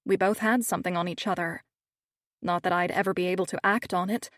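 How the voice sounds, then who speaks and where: A woman narrating a first-person audiobook with steady, measured storytelling. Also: mid-range voice, no room sound, clean studio sound.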